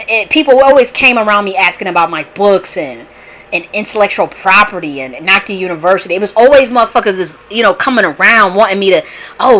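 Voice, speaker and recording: Woman ranting into the mic, bright voice, lots of cussing and stops and restarts. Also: mid-range voice, low-quality recording. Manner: animated storytelling, profane, many restarts. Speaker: channel host. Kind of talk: casual monologue.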